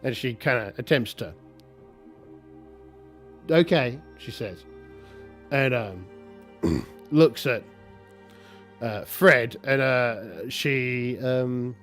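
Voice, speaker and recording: Halting man narrating a solo tabletop game. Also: medium pitch, a bit bright. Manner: halting, rambling with many restarts.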